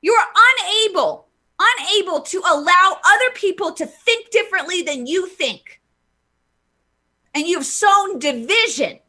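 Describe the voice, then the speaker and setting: A woman's voice: extremely high pitch, expressive, measured pace, pushed and bright. A woman hosting a live vlog, ranting heatedly with emphatic stress and stumbling restarts while reading viewer comments. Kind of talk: impassioned live political rant.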